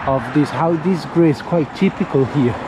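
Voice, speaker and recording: A man's voice: fairly high pitch, normal speed. Chatty Italian man rambling on a walk. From Italy. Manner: chatty, rambling, searching for words. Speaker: vlogger. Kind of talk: casual walking vlog. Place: outdoors on a windy residential street. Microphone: camera mic held near the face. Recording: faint wind and traffic noise outdoors.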